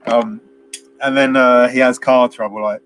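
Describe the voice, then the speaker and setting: A man's voice: mid-range voice, steady tone, unhurried, a bit bright, faint music behind. A man, co-hosting a casual film review chat, rambling through scenes with quoted lines and frequent laughs. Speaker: podcast co-host.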